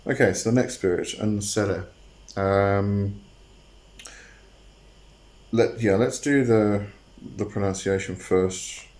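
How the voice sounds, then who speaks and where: A man's voice: fairly low pitch, steady tone, takes it slowly, long pauses, a little mellow. A man hosting his own channel, explaining a topic in a casual, hesitant way with many fillers and restarts. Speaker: host.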